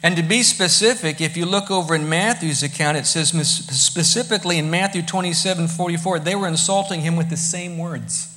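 A man preaching a sermon, emphatic, moving between quiet asides and loud bursts. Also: fairly high pitch, brisk, few pauses. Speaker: pastor.

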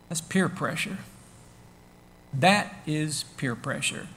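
Animated, high-voiced male preacher. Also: normal speed. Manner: animated, acts out the crowd and shouts with sudden bursts; conversational, with rhetorical questions and chuckles. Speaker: pastor. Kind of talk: sermon.

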